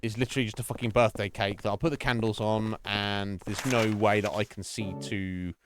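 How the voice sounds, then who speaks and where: A man streams a horror game, chatting casually in a lowish voice at a fairly quick pace with fairly even intonation. He rambles, swears often and laughs at himself during the live gameplay. There's noise in the background.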